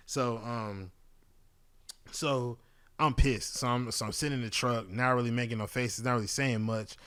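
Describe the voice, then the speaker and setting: A man's voice: mid-range voice, fairly bright tone. A man hosting a podcast, telling a long story in a casual, rambling way, full of profanity and fillers. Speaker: podcast host.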